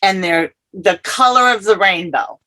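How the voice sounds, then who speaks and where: A middle-aged woman shares her personal story as an interview guest, speaking earnestly and haltingly and often repeating herself. Her medium-pitched voice has a sharp tone, and the recording quality is low.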